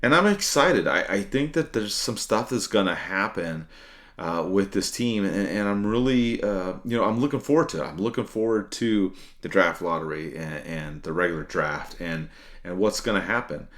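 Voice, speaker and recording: A man's voice: low-pitched, normal speed. A man co-hosting a sports podcast, thinking aloud with many fillers and restarts and some dry sarcasm. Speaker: podcast co-host. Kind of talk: casual sports talk.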